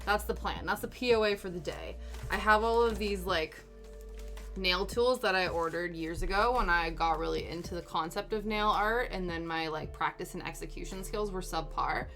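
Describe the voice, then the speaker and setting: Bright-voiced chatty woman livestreaming. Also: fairly low pitch, normal speed. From Canada. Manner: chatty, rambling, with frequent ums and laughs. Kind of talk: casual chat while doing nails. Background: soft background music.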